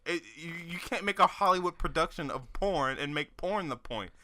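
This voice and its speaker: A man's voice: on the high side, expressive, normal speed, pushed and bright. A man co-hosting a podcast in casual chat, blunt and profane, laughing often. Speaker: podcast co-host.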